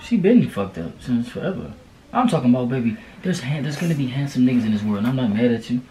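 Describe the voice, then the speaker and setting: A man's voice: mid-range voice, lively intonation, fast, mellow. A young man co-hosting a casual couple challenge video, slangy and profane, coaxing and reassuring his partner. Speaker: vlogger co-host.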